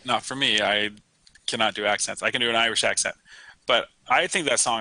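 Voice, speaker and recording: A man's voice: medium pitch, fast talker, sharp tone, dry recording, low-quality recording. A man co-hosting a casual real estate talk show, joking and laughing often. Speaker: co-host. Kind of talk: casual banter.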